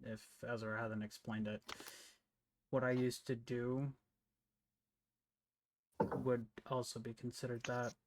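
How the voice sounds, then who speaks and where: A man's voice: medium pitch, level tone, slow, pauses often. Guarded man talking in character. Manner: guarded, reluctant confessional tone. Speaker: role-play player. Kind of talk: in-character role-play chat.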